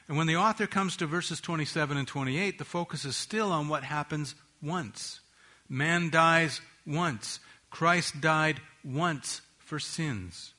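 A man preaching a sermon in an earnest, measured way, slowing down to stress key phrases. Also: on the high side, sharp tone.

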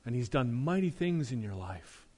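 A middle-aged male pastor preaching a sermon, emphatic, asking rhetorical questions and dropping to a soft, earnest tone. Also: medium pitch, very animated, normal speed.

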